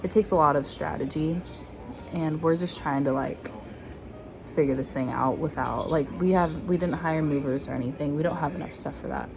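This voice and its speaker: A young adult woman and stay-at-home mom, chatting casually while driving and thinking out loud with lots of filler words. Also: sits low, normal speed, gravelly, over music. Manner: rambling, talks through her thoughts with many "like"s. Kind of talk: casual chat.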